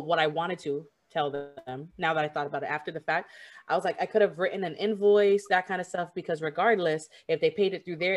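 A young woman talks through a long personal story in a casual chat, with a slightly low voice. She rambles, leans on fillers like "like" and "um", and keeps acting out what other people said to her. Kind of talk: casual conversation.

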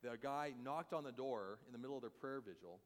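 Animated male preacher in a reverberant hall. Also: medium pitch, brisk. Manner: animated, acts out voices in quotes. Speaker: pastor. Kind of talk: sermon.

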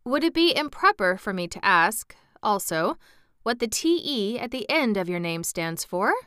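A woman voicing a calm, polite male scarecrow in a storybook reading, asking careful questions. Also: medium pitch, normal speed, clear, resonant tone, no room sound, studio quality. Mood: curious. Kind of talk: storybook read-aloud.

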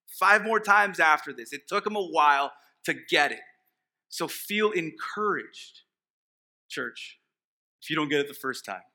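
A man preaches a sermon as pastor in a slightly high, bright voice with a forceful tone. He's conversational and emphatic, joking with the congregation and restarting phrases.

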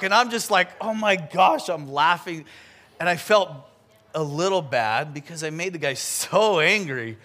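A man, a pastor, preaching a sermon and telling a personal story in a lively, chatty way. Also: sits high. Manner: animated storytelling with quick asides.

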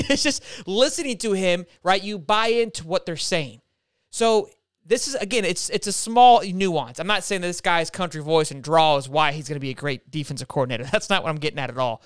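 Excitable sports host, high and clear, emphatic rants. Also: male voice, no echo, clean studio sound. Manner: fired-up, emphatic, keeps tacking on "okay?". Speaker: podcast host. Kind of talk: casual sports talk.

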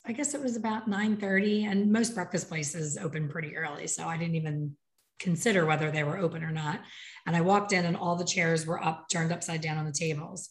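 A middle-aged woman hosting an interview, telling stories in a chatty way and acting out the voices of others. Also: on the low side. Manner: chatty storyteller, animated quoted voices. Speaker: podcast host. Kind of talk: casual interview chat.

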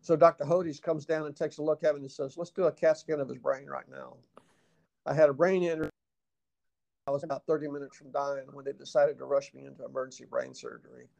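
With a gravelly, fairly high voice and a brisk pace, a middle-aged man with a Southern accent recounts a personal story during an interview. His telling is folksy and lively, and he performs the dialogue he quotes.

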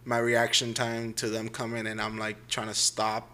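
A young man co-hosting a casual chat, talking in a relaxed, rambling way. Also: mid-range voice, moderate pace. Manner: relaxed, laid-back, rambling. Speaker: podcast co-host.

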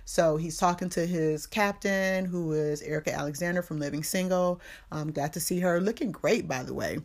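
Low-voiced, profane woman recapping a movie. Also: normal speed, a little mellow. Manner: profane, slangy storytelling with quoted voices. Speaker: podcast host.

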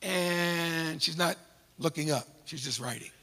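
A male pastor telling a funny personal story in a sermon, animated and self-mocking. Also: on the high side, a little slow. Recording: long hall reverb.

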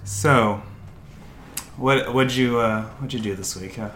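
A man's voice: mid-range voice, takes it slowly, fairly bright tone, a little hiss or hum. A young American man co-hosting a podcast, chatting casually and rambling with lots of fillers and restarts. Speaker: podcast co-host. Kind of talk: casual chat.

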